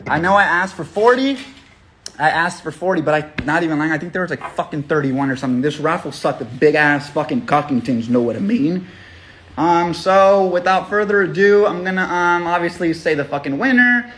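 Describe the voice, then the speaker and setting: A man's voice: fairly high pitch, expressive, brisk, a bit bright, slight background noise. A young man hosting a phone livestream raffle, talking in a loose, profane, rambling way full of slang and pep talk. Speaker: livestream host running a raffle. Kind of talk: casual livestream chat.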